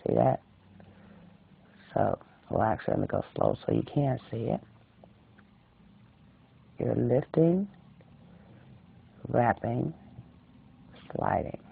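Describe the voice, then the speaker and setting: A man's voice: mid-range voice, very animated, slow, creaky, pauses often, breathy edge. Chatty middle-aged man with a tinny voice. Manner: chatty, rambling, repeats phrases. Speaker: knitting channel host. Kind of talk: casual knitting tutorial. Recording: tinny phone-like dry recording.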